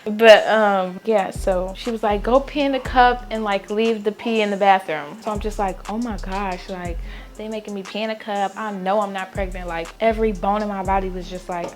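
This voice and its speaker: A young woman tells a casual storytime vlog. She is chatty and animated, leaning on "like" and acting out what everyone said. Faint music plays softly behind her. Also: medium pitch. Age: young adult. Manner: chatty, animated, many "like" fillers, acts out quotes. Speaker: vlogger.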